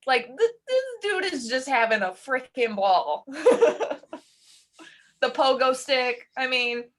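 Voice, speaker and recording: A woman co-hosting a casual horror-film chat, talking in a chatty, animated way and laughing often. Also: sits high, takes it slowly. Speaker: podcast co-host.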